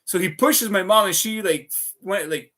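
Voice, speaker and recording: A man's voice: high voice, normal speed, sharp tone. A man rambling through a casual livestream, swearing often and piling up fillers as he talks. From Canada. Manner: profane, restless, full of fillers.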